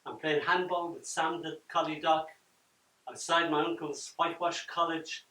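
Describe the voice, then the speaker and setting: Older poet, roomy and distant. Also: male voice, fairly high pitch, flat delivery, moderate pace. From Ireland. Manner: dramatic delivery, swinging from loud to near-whisper. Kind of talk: live poetry reading with chat. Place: event room at a book launch. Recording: roomy echo from far off.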